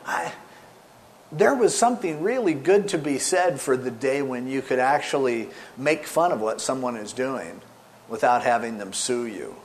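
A middle-aged man preaching a sermon, animated and sarcastic, acting out the scripture quotes as he goes. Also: mid-range voice, moderate pace, slight background noise. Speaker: pastor.

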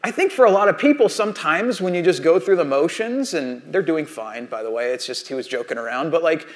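A man with a fairly high voice tells stories from his own life to an audience. He keeps it loose and conversational, with a steady stream of casual asides. The talk builds toward a motivational point. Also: brisk. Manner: chatty storytelling, many "like" and "you know" asides. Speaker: speaker addressing an audience.

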